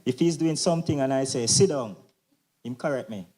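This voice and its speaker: A man's voice: medium pitch, quick pace, dark tone. A man giving a grateful parent testimonial at a symposium, fervent and repeating his thanks and blessings. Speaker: parent speaker. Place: symposium hall.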